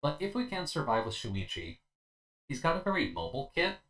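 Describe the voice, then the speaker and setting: This is casual gameplay commentary from a weary streamer who rambles easily through his session, using lots of fillers and slurring a bit. He speaks briskly at a medium pitch, with a sing-song, fairly bright tone.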